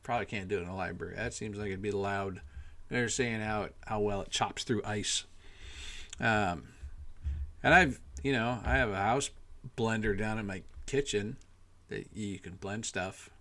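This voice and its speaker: A man ranting in a casual monologue, rambling and exasperated, swearing often and filling pauses with "you know". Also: on the low side, fairly bright tone. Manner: profane, rambling, exasperated, lots of fillers. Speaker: podcast host.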